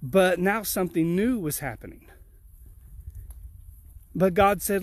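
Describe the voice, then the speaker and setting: Male pastor, high-pitched, earnest repeating cadence, a bit winded on an outdoor walk. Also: animated, slow pace, long pauses, no room sound. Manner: earnest, repetitive preaching cadence. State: slightly out of breath from walking uphill. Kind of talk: outdoor livestream devotion. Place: outdoors on a rural hill.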